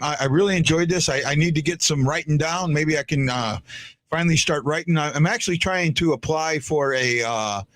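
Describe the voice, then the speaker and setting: A man's voice: on the high side, a bit bright. A man hosting a casual sports podcast, chatty, often stumbling and repeating words as he talks. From United States. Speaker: podcast host.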